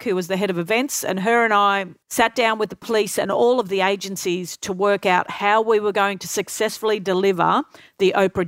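A middle-aged woman telling lively anecdotes as an interview guest, acting out what others said. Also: medium pitch, dry recording. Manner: lively anecdotal storyteller, acts out quotes. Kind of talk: storytelling interview.

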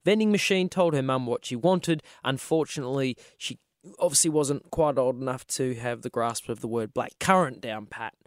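A man co-hosting a radio show, chatting in casual banter with quick interjections. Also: medium pitch, no room sound, clean studio sound. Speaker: radio co-host.

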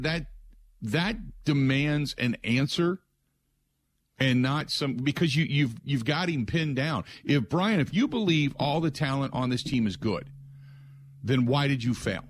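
A man hosting a sports talk radio show, talking in an animated, rhetorical way from a studio and mocking the answers he expects to hear. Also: medium pitch, unhurried, pauses often.

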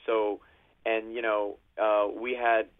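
A man from Providence, a comedian calling in and telling stories in a lively way, acting out bits of voices. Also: on the low side, slow pace. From Providence, Rhode Island. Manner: animated storyteller, acts out voices. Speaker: comedian guest. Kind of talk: phone-in comedic chat. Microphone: phone call. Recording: tinny phone line.

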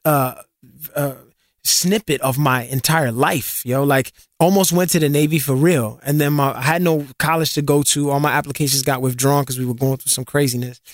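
A man from New York telling stories as an interview guest, animated and slangy, often repeating words. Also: a little high, dry recording, studio quality. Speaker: interview guest, singer and actor. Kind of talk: casual interview storytelling.

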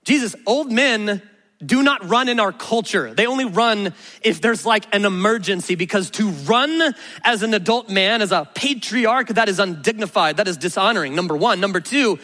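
A high-pitched male pastor preaching in an animated, earnest way. His bright voice carries a long reverb from a large church hall. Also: normal speed. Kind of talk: sermon.

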